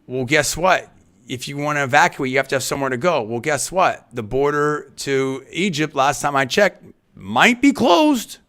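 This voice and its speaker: A male talk radio host with a bright, forward voice, delivering a live monologue. He rambles through restarts and qualifiers, then drives his main points home with loud emphasis. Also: a little high, sing-song, moderate pace. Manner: rambling, with frequent restarts and hedges; emphatic, punching key phrases louder.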